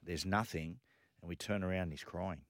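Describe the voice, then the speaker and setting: A deep-voiced man tells lively stories on a radio show, acting out the lines of the people in them. His voice sits very low, and the sound is close and dry with no room behind it. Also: normal speed, no echo. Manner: animated anecdotes with acted quotes. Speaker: radio co-host. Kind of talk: casual storytelling on radio.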